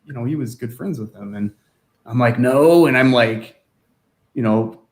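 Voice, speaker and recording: This man speaks at a normal speed in a mid-range voice. He's a guest who used to be a magazine staff writer, and he's a chatty storyteller who laughs a lot and keeps saying "like."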